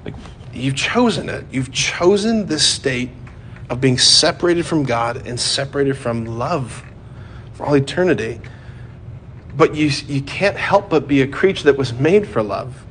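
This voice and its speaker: A man preaching a sermon in a conversational way, often saying "like" and "right?", moving from joking asides to hushed, grave emphasis. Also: mid-range voice, animated, a little slow, slight background noise.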